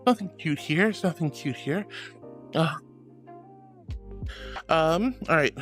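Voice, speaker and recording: A man's voice: fairly high pitch, lively intonation, takes it slowly, fairly bright tone, soft background music. A man streaming casually, reading viewer messages aloud and calling them sweetheart and honey in a gushing, playful way.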